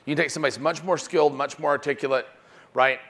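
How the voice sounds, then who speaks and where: A man's voice: a little high, racing. A man giving a live sales-training seminar with lots of energy, often checking in with his audience. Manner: energetic, punctuates points with "right?".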